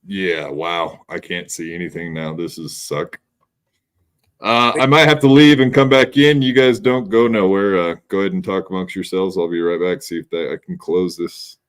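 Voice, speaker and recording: Low-voiced laid-back podcast host. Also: male voice, moderate pace, clean tone. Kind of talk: casual chat.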